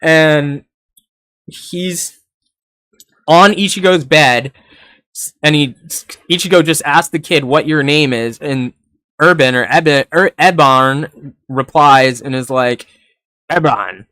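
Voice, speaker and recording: A man's voice: a little high, slow, long pauses, pushed and bright, smooth, dry recording. A young man reviewing an anime episode in a rambling, casual way, laughing often and swearing now and then.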